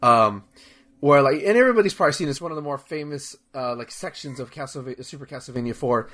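A man's voice: mid-range voice, expressive, fast, a bit bright. A young man chatting casually as a podcast host, rambling and enthusiastic, with lots of fillers, restarts and swearing. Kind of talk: casual chat.

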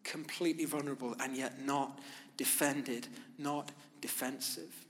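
A man preaching a sermon, speaking in measured, emphatic phrases with pauses. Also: mid-range voice, steady tone. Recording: long reverb of a large hall.

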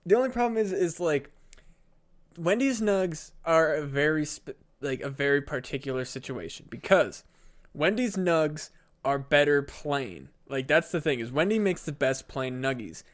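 A man's voice: a little high, expressive, normal speed. A man co-hosting a comedy podcast in casual chat, hedging his claims, cursing and poking fun at himself. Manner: hedging, profane, self-deprecating. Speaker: podcast co-host.

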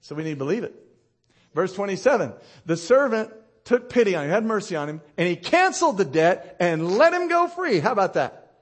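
Animated preaching man, high-pitched. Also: fairly quick, slightly rough. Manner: animated preaching with rhetorical questions to the congregation. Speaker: pastor. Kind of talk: sermon.

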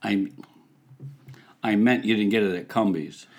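An older man chatting as a podcast guest, blunt and animated when he tells a story. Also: on the low side, unhurried. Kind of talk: casual chat.

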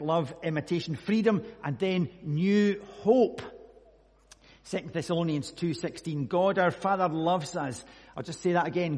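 A man's voice: high voice, a little mellow, husky, in a large hall. A Scottish man preaching a sermon, telling a personal story earnestly and reading scripture. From Scotland.

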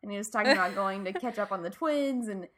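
A woman in a casual TV recap chat, animated and often laughing as she talks through scenes. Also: medium pitch, quick pace. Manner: animated, laughs often, quotes lines in funny voices.

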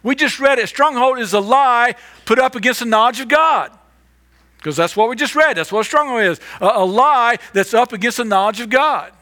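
A man's voice: very high voice, bright, forceful tone. A man preaching a sermon as pastor, emphatic and repetitive, sometimes stumbling over restarts.

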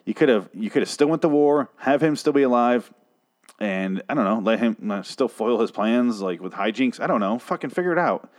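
A hoarse man reviewing a TV episode in a casual, rambling way, swearing and restarting his sentences in exasperation. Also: medium pitch, animated, fairly quick.

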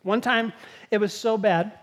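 A woman preaching a sermon with lively, storytelling energy. She acts out the quoted lines as she teaches. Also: medium pitch, unhurried.

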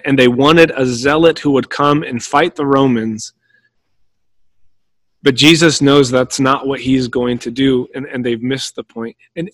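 A man preaching a teaching sermon in an earnest way, often restarting his sentences and slowing down for quoted scripture. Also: medium pitch, a bit bright, no room sound. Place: room at home.

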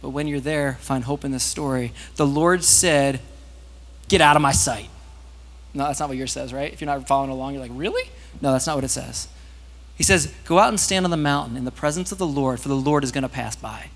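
A pastor giving a sermon in a lively, conversational way, with loud, rising peaks. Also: male voice, medium pitch, fairly quick. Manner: animated, conversational preaching that rises to loud peaks. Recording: long hall reverb.

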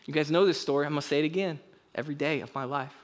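A young man delivers a sermon in a bright, high voice. He preaches earnestly but keeps it conversational, slipping into quick, casual asides. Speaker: pastor.

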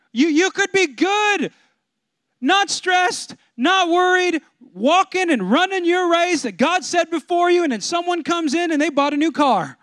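High-voiced animated preacher. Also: male voice, no echo. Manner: animated storyteller, swings from low asides to loud preaching. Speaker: pastor. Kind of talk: sermon with comic storytelling. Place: church.

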